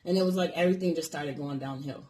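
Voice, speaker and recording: A man's voice: on the high side, fast talker, a little mellow. Rambling, profane storytelling man. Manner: rambling, profane, lots of fillers. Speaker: vlogger telling a personal story. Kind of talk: casual storytelling.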